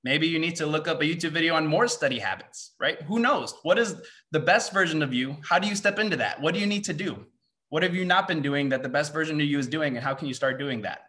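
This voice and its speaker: A man's voice: fairly high pitch, expressive, bright, forceful tone. A young man giving a motivational seminar to students, firing off rhetorical questions and ending points with "right?". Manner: rapid-fire rhetorical questions, frequent "right?". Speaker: seminar speaker and mindset coach.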